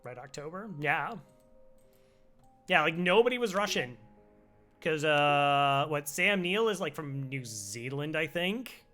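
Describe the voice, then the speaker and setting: Young male streamer, slow laid-back delivery, slightly high voice, wry chat with viewers. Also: expressive, sharp tone, soft background music. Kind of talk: casual game commentary with chat.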